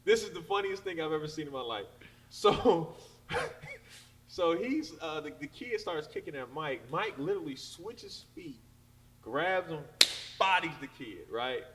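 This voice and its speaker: Animated man telling a story, far mic. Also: fairly high pitch, a little slow. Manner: animated storytelling, laughs a lot, loud acted shouts. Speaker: podcast co-host. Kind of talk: casual chat. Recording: distant mic with background noise.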